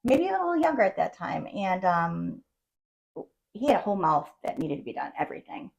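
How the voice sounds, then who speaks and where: A woman's voice: medium pitch, big pitch swings, a little fast, creaky, lo-fi sound. A middle-aged woman, a guest on a podcast, telling her personal story in a casual, emotional and rambling way. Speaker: patient guest.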